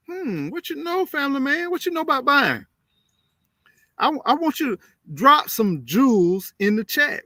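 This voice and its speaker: A man hosts a casual livestream, his high voice swooping up and down. He talks bright and sharp, repeats phrases and drifts into preachy asides. The sound is dry and close. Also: no room sound. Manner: animated, preachy, reads chat aloud with repeated phrases. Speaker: livestream host.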